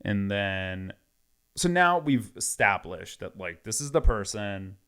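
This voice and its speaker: A man's voice: fairly low pitch, takes it slowly, smooth. A man casually retelling a story with lots of quoted back-and-forth. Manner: animated retelling with many quoted exchanges.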